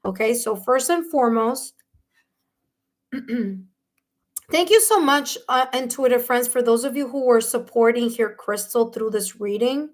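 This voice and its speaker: A woman with a somewhat high voice hosts a live tarot reading. She talks in a slow, drawn-out way, yet she gushes and gasps as she responds to her viewers. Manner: effusive, gasps often, exclaims over viewer replies. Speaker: tarot reader hosting a live stream. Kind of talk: live-stream chat, reading viewer comments aloud.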